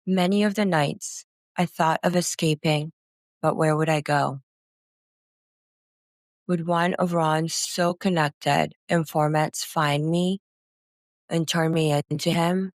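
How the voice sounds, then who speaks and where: A narrator with a deep, gravelly female voice reads from a first-person memoir, taking her time and sounding somber. The recording is dry and close-miked, with no room sound at all.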